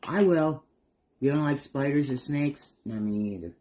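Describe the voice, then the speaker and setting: A man's voice: mid-range voice, normal speed, dark tone, a little hiss or hum. A middle-aged man with an ordinary, mid-range voice chats casually over a painting project. He wanders off into homespun stories and chuckles often, keeping an easygoing, down-home manner. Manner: rambling, folksy, chuckles through stories. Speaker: craft vlogger. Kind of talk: casual storytelling while painting.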